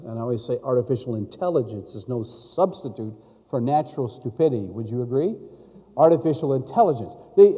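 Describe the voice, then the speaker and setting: A man's voice: medium pitch, dark tone, big-room sound. A man preaching a sermon in a storytelling way, putting questions to his listeners. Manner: storytelling, asks the congregation questions.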